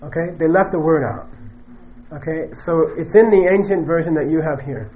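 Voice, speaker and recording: A man's voice: fairly high pitch, moderate pace, mellow, low-quality recording. A man teaching Buddhist philosophy in a lecture, joking and laughing often and ending points with "okay?". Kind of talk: classroom dharma lecture.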